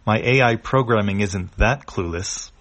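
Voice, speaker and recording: A man's voice: on the low side, a little slow, fairly bright tone. A man reading a comic aloud, voicing a small AI companion device that answers dryly. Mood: matter-of-fact. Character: AI companion device, calm and matter-of-fact.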